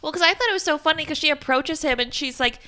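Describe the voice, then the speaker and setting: A woman's voice: sits high, fast talker, pushed and bright. A woman co-hosting a podcast, recapping a film in casual chat, laughing often and making sarcastic, profane asides. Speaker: podcast co-host.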